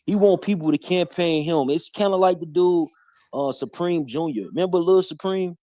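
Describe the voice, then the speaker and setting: A man's voice: a little high, normal speed, warm tone, no echo. A man hosting a live stream, bluntly challenging people in heavy street slang. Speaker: stream host. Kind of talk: heated live-stream commentary.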